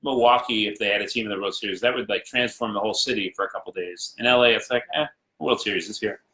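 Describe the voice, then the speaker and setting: A middle-aged man co-hosting a casual live-stream chat, playful and excitable like a sports fan. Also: lowish voice, fast talker. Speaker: co-host. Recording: echoey room.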